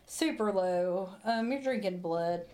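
A woman co-hosting a podcast, chatting casually with quick, teasing interjections. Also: mid-range voice, a loud crowd. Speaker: podcast co-host. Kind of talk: casual chat.

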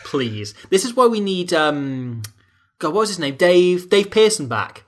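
A man's voice: high voice, big pitch swings, a little slow. A Welsh man co-hosting a casual chat, laughing often and reading an article aloud with mock drama. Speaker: podcast co-host.

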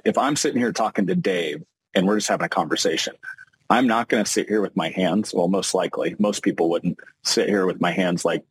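A man hosting a podcast interview, a financial advisor talking animatedly and acting out quick examples. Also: low voice, breathy edge, no room sound, rough recording. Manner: animated, talks in quick bursts with acted-out examples.

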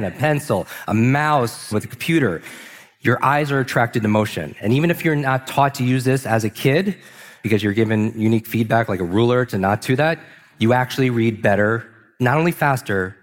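Mężczyzna przemawiający na scenie, z pogłosem sali. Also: male voice, mid-range voice. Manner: energetic, asks the audience questions, slows words for emphasis. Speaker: speaker. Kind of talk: motivational stage talk. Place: large stage before a live audience. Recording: long hall reverb.

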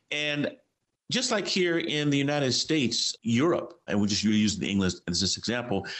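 A man with a fairly low voice co-hosting a podcast. He chats easily with his co-host, then settles into long, relaxed explanations as he recaps a news story. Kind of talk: casual chat, reading a news story.

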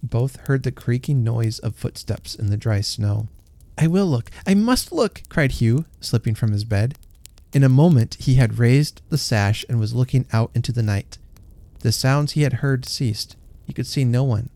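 Gentle man reading a story aloud. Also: medium pitch, normal speed.

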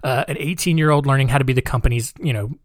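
A man's voice: mid-range voice, racing, dry recording, clean studio sound. A man hosting a podcast, telling a true-crime story casually with wry asides and many fillers. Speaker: podcast host.

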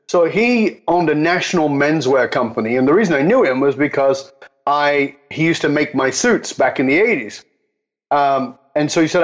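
A man's voice: on the high side, moderate pace. A man telling a story as an interview guest, acting out the exchanges he quotes. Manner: animated, acts out quoted exchanges. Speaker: guest speaker. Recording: dull lo-fi audio.

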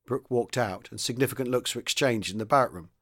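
A man reads a wartime novel aloud in a steady, mid-pitched voice. His narration stays even, and his voice rises in pitch and volume whenever a character speaks. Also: fast.

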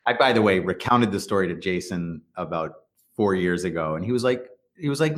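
Speaking fairly quickly in a low, slightly bright voice, a middle-aged startup founder and CEO shares stories during a casual interview. He rambles, restarts and acts out the dialogue he quotes.

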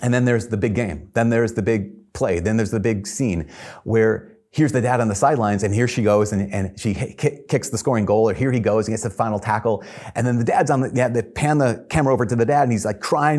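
A man's voice: mid-range voice, expressive, a little fast, a little mellow, husky. A man preaching a sermon in an earnest, conversational way, chuckling now and then.

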